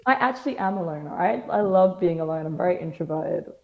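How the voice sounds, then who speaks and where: A woman's voice: fairly low pitch, lively intonation, fast talker, phone-quality sound. A young British woman chatting as a podcast guest, telling stories with dry, self-mocking humor and acted-out quotes. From Britain. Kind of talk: casual interview chat.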